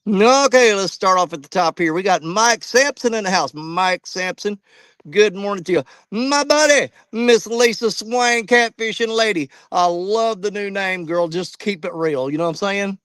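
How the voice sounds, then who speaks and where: Guy out of breath on a riverbank, greeting viewers, kinda high voice, dry mic. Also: moderate pace, a bit bright, clear, resonant tone, no room sound. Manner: chatty, greets viewers by name, drawling. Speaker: fishing channel host. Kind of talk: casual live-stream fishing chat. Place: outdoors at a riverbank.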